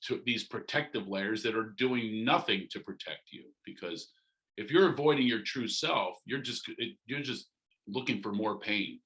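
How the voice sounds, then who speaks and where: A middle-aged man, a comedian guest on a podcast interview, joking and animated, leaping into loud comic asides. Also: lowish voice, low-quality recording.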